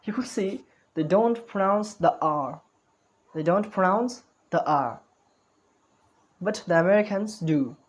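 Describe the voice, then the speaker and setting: A man's voice: sits high, slow, long pauses, rough recording. A man giving an online spoken English lesson, talking carefully, repeating words and correcting himself as he goes.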